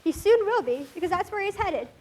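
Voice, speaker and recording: A teenage girl acting a cruel, gloating female witch in a school stage play, with mocking, drawn-out taunts. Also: extremely high pitch, expressive, slight background noise. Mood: menacing. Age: teens. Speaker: student actor.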